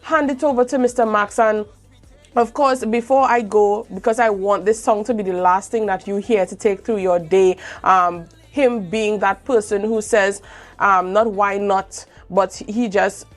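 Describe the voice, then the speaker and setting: A woman's voice: medium pitch, steady tone, normal speed, soft background music. A woman hosting a morning show, interviewing a guest with encouraging, affirming remarks. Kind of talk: casual interview chat.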